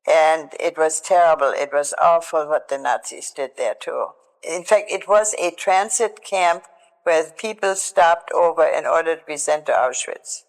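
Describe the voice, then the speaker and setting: An older woman tells her personal testimony in a halting, emotional way, often breaking off and restarting her sentences. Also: deep voice, long reverb tail, rough recording. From Germany. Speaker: Holocaust survivor giving testimony.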